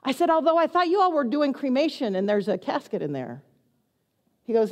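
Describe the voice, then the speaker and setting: A middle-aged woman pastor, telling a lively, self-mocking story as part of a sermon. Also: high-pitched, fairly quick. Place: church sanctuary. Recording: long hall reverb.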